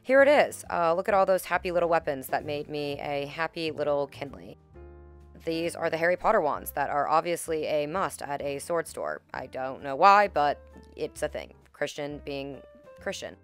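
A woman's voice: low-pitched, expressive, normal speed, smooth. A woman hosting a casual vlog from a car, talking with a Valley Girl lilt. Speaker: vlogger host. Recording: loud background music.

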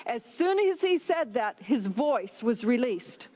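Woman pastor, high voice, emphatic sermon delivery with scripture reading. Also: lively intonation, unhurried, hardly any pauses, darkish tone. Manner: emphatic preaching, reads scripture aloud.

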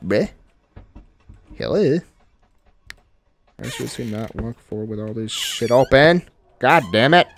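A man's voice: mid-range voice, a bit bright, slight background noise. A young man hosting a gaming channel, swearing and grumbling to himself while he plays a horror game. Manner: profane, exasperated, talking to himself. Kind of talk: casual horror game commentary.

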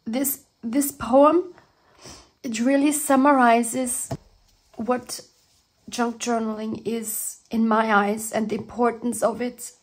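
A woman hosting a junk journaling video, chatting casually as she shows her crafts and gushing with delight. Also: on the high side. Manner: gushing and emotional, with exclamations of delight. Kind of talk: casual crafting show-and-tell.

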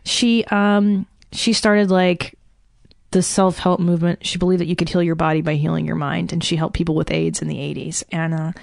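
A woman's voice: lowish voice, little pitch movement, moderate pace, gravelly, no echo, studio quality. A woman guest on a podcast, talking candidly and self-deprecatingly and swearing freely. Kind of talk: candid conversation.

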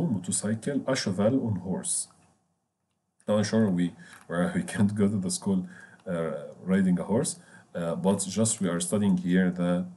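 A man teaching a French lesson in English, repeating key words and pausing on fillers as he explains. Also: sits low, dark tone. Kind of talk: bilingual language lesson.

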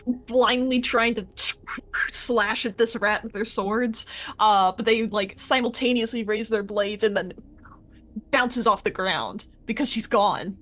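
A woman playing her character in an online tabletop game, thinking aloud and trailing off softly as she decides her moves. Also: medium pitch. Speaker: player.

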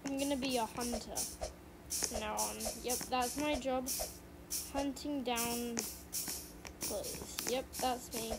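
A woman giving excitable gameplay commentary, often repeating panicked exclamations. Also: fairly high pitch, slow, creaky, pauses often, loud music behind the voice, rough recording. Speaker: gamer. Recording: loud background noise.

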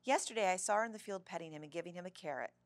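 A woman reading the lines of an eager, chatty young girl who loves animals, in a bright and eager way. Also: fairly low pitch, racing, dry recording, close to an everyday voice.

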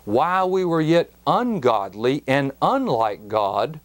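A man teaching a Bible verse on a broadcast program, deliberate and emphatic, dwelling on key words. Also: mid-range voice, big pitch swings.

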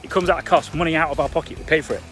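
A man's voice: fairly high pitch, steady tone, very fast, fairly bright tone, soft background music. A man giving a blunt, emphatic live-stream coaching talk to property investors, chatty and full of fillers. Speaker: construction trainer for property investors.

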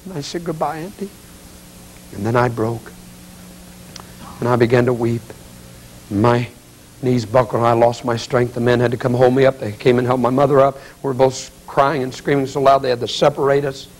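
A man preaching as an evangelist in an auditorium, telling a story with acted quotes and building to loud, pleading appeals. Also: medium pitch, level tone, normal speed, slight background noise, poor audio. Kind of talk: dramatic revival sermon.

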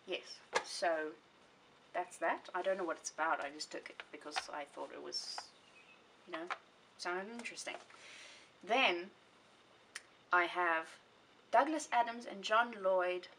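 A woman's voice: mid-range voice, a bit bright. A young woman vlogging about her books in a rambling, chatty way, often correcting herself mid-sentence. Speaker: book vlogger. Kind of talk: casual chat. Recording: voice a bit distant from the mic, faint hiss.

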